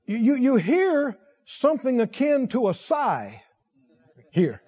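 This preacher's voice is warm and husky, with pitch that swoops wildly. He moves slowly through scripture, questioning the congregation as he goes and rising in pitch to emphasize points, all captured on a muffled recording.

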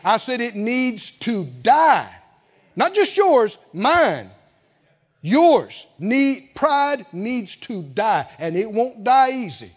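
Man preaching, high voice, call-and-response, long hall reverb. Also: very animated, slow. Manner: call-and-response preaching, swinging from low hush to loud. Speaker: pastor. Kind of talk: sermon. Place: church sanctuary. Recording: dull lo-fi sound in a reverberant church.

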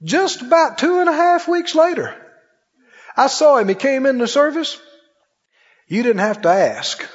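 A high-pitched man preaches to his congregation, playing out both voices of a story and climbing to forceful peaks. His voice rings in a large church hall with a long reverb tail. The recording sounds slightly muffled and dull. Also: animated, measured pace, long pauses. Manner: storytelling preacher who acts out both sides of a dialogue, rising to emphatic peaks. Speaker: pastor. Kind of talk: sermon. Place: church sanctuary. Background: congregation calling out amens.

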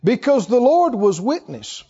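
A man preaching a sermon as pastor, slow and emphatic, leading his congregation in call-and-response. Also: extremely high pitch, sing-song, mellow, slightly rough, in a large hall, dull audio. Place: church sanctuary.

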